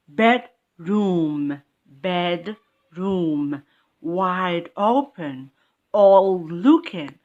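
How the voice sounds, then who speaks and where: A woman teaching an English lesson in English, talking slowly, repeating words and checking understanding again and again. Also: medium pitch, fairly bright tone, lo-fi sound. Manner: slow, repetitive, checks understanding with "okay?"; non-native English phrasing. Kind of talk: classroom lesson.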